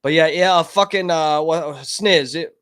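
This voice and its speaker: A man hosting a livestream from his home, with a voice that sits a bit higher than most men's. He talks in a loose, rambling way and swears a lot as he gets heated. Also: a little slow, a bit bright, clear, resonant tone. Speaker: livestream host. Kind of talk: casual livestream rant.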